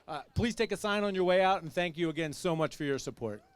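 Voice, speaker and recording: Fast, confident man campaigning for the bench. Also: sits high, lively intonation, clear, resonant tone. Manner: confident, punchy, self-deprecating jokes. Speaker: judicial candidate. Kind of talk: rally speech. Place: outdoor rally.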